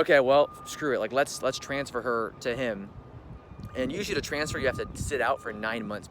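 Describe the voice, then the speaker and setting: A young man casually telling a personal story to camera, quickly and with animation, raising his voice for quoted lines. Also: a little hiss or hum. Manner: fast, animated retelling, voices quoted lines louder and higher.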